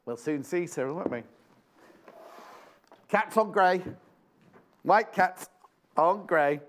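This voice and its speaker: British TV shopping host, lively up-and-down delivery, chatty, keeps repeating himself. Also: male voice, sits high, slow, slight background noise. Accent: British English. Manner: chatty, exclamatory, repeats prices and phrases. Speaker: shopping channel presenter. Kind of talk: live TV sales presentation.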